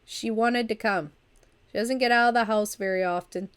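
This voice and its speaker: A woman's voice: fairly high pitch, moderate pace, clear, resonant tone, lightly acted. An intense old man with echoes of a Russian accent, as a woman reads him aloud. He defends himself firmly and tells others to quit griping. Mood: defensive.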